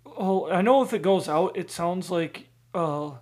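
A man in casual podcast chat with a voice sitting slightly high. He rambles through explanations with loose fillers, keeping things light among friends. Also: animated, measured pace, a little mellow.

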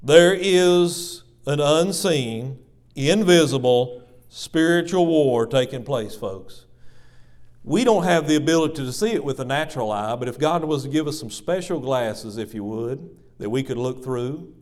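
A pastor preaches a sermon in church, dramatic and repetitive, calling the congregation "folks." His mid-range voice keeps a measured pace while swinging between loud emphasis and hushed asides.

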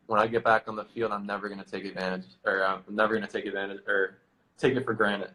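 A young man and football player speaking as a guest in calm, thoughtful interview talk, with many fillers. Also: fairly low pitch, quick pace, poor audio.

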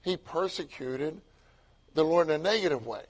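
An older man preaching a sermon, excitable and repetitive, swinging from loud emphatic lines to hushed asides. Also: on the high side, moderate pace.

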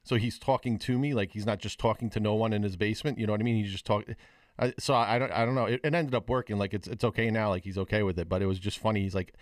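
A man's voice: lowish voice, fast, dry recording. Man rambling through a story, dry sound. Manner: rambling, animated storytelling with many restarts. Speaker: podcast co-host. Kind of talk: casual chat on a video call.

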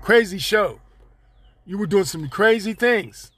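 Give me a man with a sharp, bright voice clowning around on a solo podcast, recorded dry and close. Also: high voice, expressive, measured pace, breathy edge, no echo. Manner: rambling, joking, talks straight to listeners; loose slang, profanity. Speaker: podcast host. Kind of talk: casual solo monologue.

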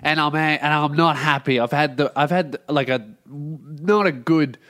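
A man's voice: on the high side, fairly even intonation, unhurried, fairly bright tone. A male Australian comedian hosting his own podcast, ranting in a casual comic monologue with a blocked nose and plenty of swearing. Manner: ranting, exasperated, heavy swearing. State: blocked nose, sounds congested.

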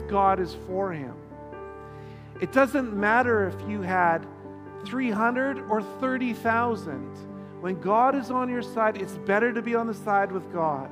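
High-voiced preacher in a reverberant hall. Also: male voice. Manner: earnest, storytelling preacher who repeats and restarts phrases. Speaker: pastor. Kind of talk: sermon. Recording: reverberant hall with music underneath.

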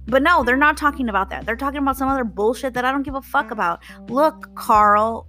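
A woman's voice: sits high, brisk, hardly any pauses, bright, forceful tone, faint music behind. Blunt, profane young woman ranting. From Texas. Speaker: podcast host. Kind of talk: casual rant.

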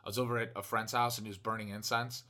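A man's voice: on the low side, little pitch movement, fast, bright, forceful tone. A young man co-hosting a casual podcast, rambling and swearing freely as he acts out quotes. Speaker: podcast co-host. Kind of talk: casual chat.

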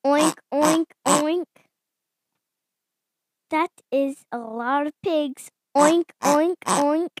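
A woman voicing an excitable, cheerful female pig from a picture book in a slow, eager, sing-song reading. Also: high-pitched, no room sound, heavily acted. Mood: excited.

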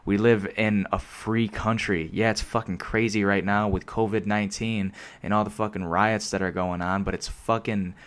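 A young man on his own vlog, ranting off the cuff into a desk mic. His voice sits a bit on the low side, and he rambles through restarts and fillers, swearing nearly every sentence. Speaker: solo vlogger. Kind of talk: casual unscripted rant. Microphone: desk microphone.

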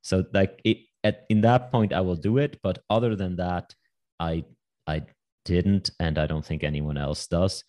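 A man talking as a podcast guest in a casual interview, quick and wry with lots of asides. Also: deep voice, steady tone, dark tone.

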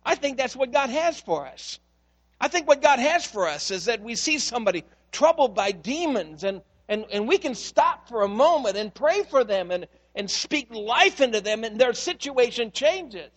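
A man's voice: very high voice, sing-song, normal speed. A male pastor preaching a sermon in a church, speaking earnestly and putting questions straight to the congregation.

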